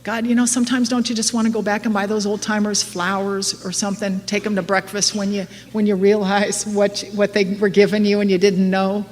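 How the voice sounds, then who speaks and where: Middle-aged woman, candid AA speaker, wry and laughing, mid-pitched, live hall reverb. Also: flat delivery, brisk, few pauses, darkish tone. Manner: candid, self-mocking, laughs often. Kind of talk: recovery talk to a live audience. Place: meeting hall before an audience. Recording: live hall with long reverb, faint noise.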